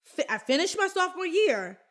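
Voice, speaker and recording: A woman's voice: extremely high pitch, big pitch swings, brisk, a bit bright. A woman from the Bronx, hosting a podcast and telling a personal story in a chatty, candid way, talking straight to her listeners. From the Bronx, New York. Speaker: podcast host.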